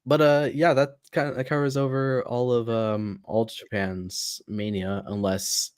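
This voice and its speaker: A man's voice: medium pitch, flat delivery, a little slow, clear, resonant tone, no room sound, clean studio sound. A man co-hosting a wrestling podcast, chatting casually and laughing. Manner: laughing, acts out quoted lines. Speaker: podcast co-host. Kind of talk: casual chat.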